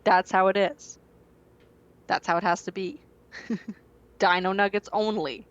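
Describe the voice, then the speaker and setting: A woman's voice: medium pitch, takes it slowly, dull audio. A woman hosting a live stream, chatting casually and playfully and talking to her chat. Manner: relaxed, playful, chuckling asides to chat. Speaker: streamer host.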